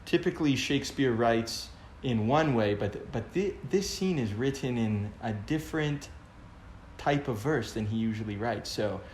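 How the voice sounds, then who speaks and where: A man's voice: medium pitch, expressive, moderate pace, a little mellow. Thoughtful man in an echoey room. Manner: thoughtful, searching for words with restarts. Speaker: podcast co-host. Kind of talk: casual discussion. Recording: echoey room, faint background noise.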